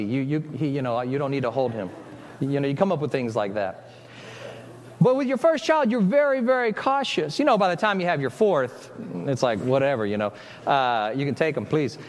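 A man's voice: sits high, darkish tone. A man preaching a conversational sermon as pastor, often breaking off mid-sentence and acting out little quoted exchanges. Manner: conversational, self-interrupting, acts out quoted voices. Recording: long hall reverb.

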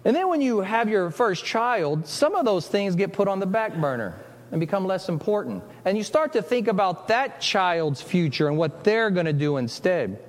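A male pastor delivers a chatty sermon, his voice sitting fairly high for a man. He interrupts himself often and slips into short acted-out quotes. The sound carries a long, echoing hall reverb. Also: sing-song, normal speed. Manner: conversational, self-interrupting, acts out quoted voices.

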